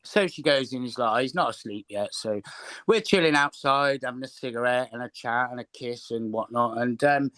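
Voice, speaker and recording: Bright-voiced man chatting on a stream. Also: mid-range voice, moderate pace, no room sound. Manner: relaxed and chatty, with fillers like "and whatnot". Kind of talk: casual storytelling chat.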